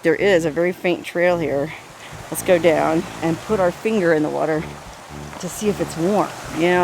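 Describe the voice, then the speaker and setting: A woman's voice: on the low side, background noise. Wry, enthusiastic woman vlogging outdoors. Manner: enthusiastic and wry, with salty humor. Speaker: hot spring travel vlogger. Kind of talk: chatty outdoor travel vlog. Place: outdoors on a forest canyon trail by hot springs.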